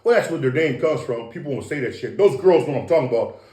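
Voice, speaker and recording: A man's voice: mid-range voice, expressive, fast talker, dark tone. Profane, preachy man in a roomy echo. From Samoan heritage. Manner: profane, preachy, repeats and restarts words. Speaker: guest. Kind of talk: casual rambling monologue.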